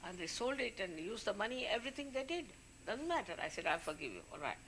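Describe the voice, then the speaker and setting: A woman's voice: on the high side, big pitch swings, quick pace, a bit bright, slight background noise. A woman, a spiritual leader, giving an informal talk to her followers, warning and scolding them in a conversational way.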